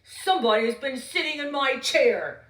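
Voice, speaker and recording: A woman voicing a big father bear in a loud, growly voice, recorded in a roomy space a little way off from the mic. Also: expressive, moderate pace. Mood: grumpy. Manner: loud, booming. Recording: roomy, from a distance.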